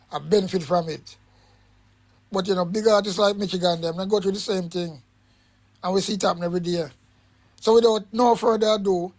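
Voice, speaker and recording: A man with a Jamaican accent introducing an interview, talking in a passionate, rambling patois. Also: high-pitched. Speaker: host.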